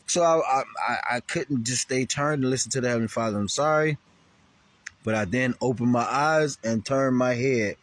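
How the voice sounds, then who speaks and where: A man, telling a rambling, profane story to the camera and laughing often. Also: medium pitch.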